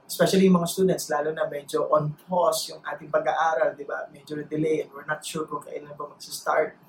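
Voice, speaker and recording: A man with a Filipino accent preaching a sermon, mixing Tagalog and English and speaking with deliberate pauses. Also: fairly high pitch, little pitch movement, vocal fry. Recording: roomy echo, faint noise.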